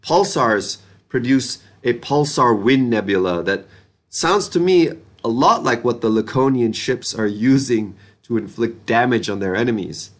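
A man's voice: medium pitch, a little slow. A young adult man giving a casual, enthusiastic book review, talking in a loose, slangy way.

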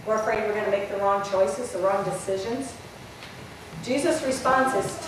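A woman's voice: mid-range voice, normal speed, slight background noise. Woman pastor preaching in echoey church. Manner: storytelling, animated retelling with rhetorical questions. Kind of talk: sermon. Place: large church sanctuary. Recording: roomy echo, voice from far off.

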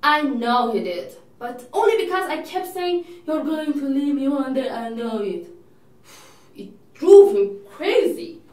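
This audition monologue features a woman as a rambling, fretful, self-absorbed divorced older sister who is chatty and neurotic. Her high voice is very animated, a little slow and darkish in tone, captured by a distant mic in an echoey space.

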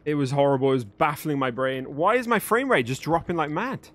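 A man's voice: a little high, fairly quick, a bit bright. A young man chatting live with his viewers while gaming, joking and swearing freely. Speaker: livestreamer. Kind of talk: live gaming stream chat.

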